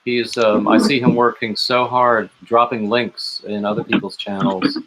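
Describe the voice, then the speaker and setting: A man's voice: mid-range voice, flat delivery, measured pace, fairly bright tone, low-quality recording. A man hosting a casual livestream chat, greeting guests and asking them friendly questions.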